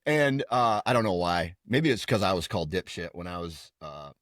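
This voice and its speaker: A man's voice: deep voice, moderate pace, no echo, clean studio sound. A middle-aged man co-hosting a podcast, ranting about kids in casual chat, swearing freely and acting out quotes. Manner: animated, swears freely, rants with put-on quotes. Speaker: podcast co-host.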